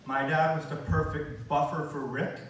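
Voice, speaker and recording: A middle-aged man speaking at a memorial gathering, reminiscing with frequent pauses and fillers. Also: fairly high pitch, fairly even intonation, a bit bright, slight background noise. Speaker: eulogy speaker. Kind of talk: memorial speech. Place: large room at a gathering. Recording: distant mic in echoey room.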